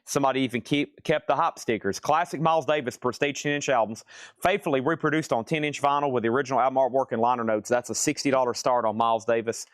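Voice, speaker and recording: Man, live record auction, chatty joking patter, middle pitch, dry close sound. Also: fast talker, no echo. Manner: chatty and joking, rambling between prices. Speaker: live-stream vinyl record seller. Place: record store.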